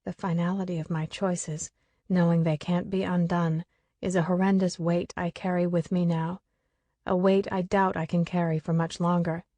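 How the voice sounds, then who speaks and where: A woman's voice: fairly low pitch, flat delivery, moderate pace, warm tone, no echo. A woman narrating a first-person audiobook with an emotional, tearful delivery.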